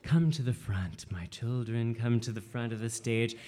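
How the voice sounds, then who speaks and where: A man voicing a gentle male minister who softly coaxes children, in whispered role-play. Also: mid-range voice, normal speed, lightly acted. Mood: coaxing.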